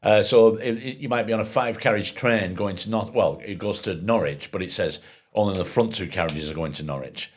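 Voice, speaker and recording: A man co-hosting a casual chat who backs the talk up with quick agreement and swears freely. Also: lowish voice. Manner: frequent agreeing interjections, swears, relaxed. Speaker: podcast co-host.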